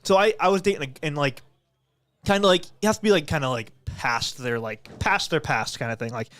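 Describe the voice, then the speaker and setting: Fast-talking young man, rambling. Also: a little high, fairly bright tone, no echo. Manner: rambling, profane, lots of filler "like". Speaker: podcast co-host and streamer. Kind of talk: casual chat. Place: podcast studio with cameras.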